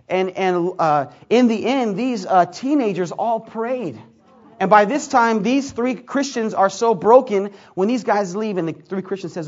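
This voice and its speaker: Animated high-voiced man preaching. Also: dull audio. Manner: animated storyteller acting out dialogue. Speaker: pastor. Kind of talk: sermon storytelling.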